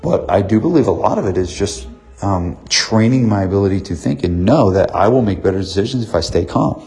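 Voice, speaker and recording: Man, 30s, gym owner; husky, lowish voice; earnest motivational talk with repeated points. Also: lively intonation, a little fast, darkish tone, soft background music. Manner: earnest, repeats himself for emphasis. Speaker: gym owner and business coach.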